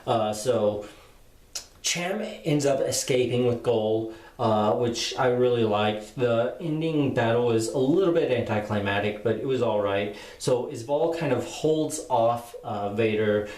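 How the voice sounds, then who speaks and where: A man's voice: mid-range voice, a little slow, a little mellow. Male book reviewer, mid-range voice, loose rambling delivery, room echo on the mic. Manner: rambling, filler-heavy plot retelling. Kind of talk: casual spoken book review. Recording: roomy echo.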